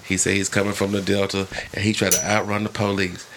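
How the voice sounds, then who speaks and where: A man's voice: deep voice, flat delivery, fast talker, a bit bright, slight background noise. Profane laughing male podcast storyteller. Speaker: podcast host. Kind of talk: casual storytelling chat.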